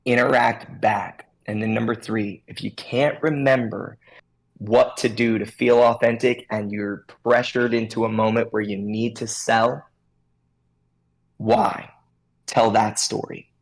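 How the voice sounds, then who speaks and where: A man co-hosting a casual chat show, giving animated advice to hair stylists. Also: lowish voice, unhurried, gravelly, rough recording. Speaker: podcast co-host.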